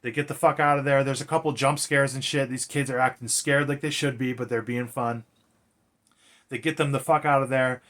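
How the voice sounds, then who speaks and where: A man's voice: mid-range voice, steady tone, brisk, a bit bright. A man recapping a film in a casual, rambling way, swearing freely and leaning on fillers. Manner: rambling, profane, filler-heavy. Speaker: movie reviewer.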